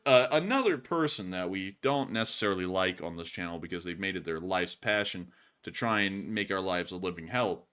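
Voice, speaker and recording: Man, casual stream host, animated, bright clear tone. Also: low voice. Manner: animated, bursts into loud goofy shouts and laughs. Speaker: livestream host. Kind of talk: casual livestream chat reading donations.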